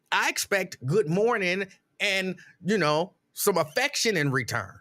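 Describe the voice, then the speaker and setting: A middle-aged man hosts a casual live stream, reading viewer comments aloud and telling stories with animated, exasperated mock outrage. His voice sits high and moves a little slowly, with hardly any pauses.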